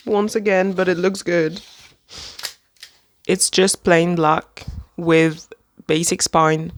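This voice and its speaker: A book vlogger chatting casually and gushing excitedly about a secondhand book haul, rambling with lots of fillers. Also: medium pitch, slow pace, no echo, studio quality. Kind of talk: reading a poem aloud.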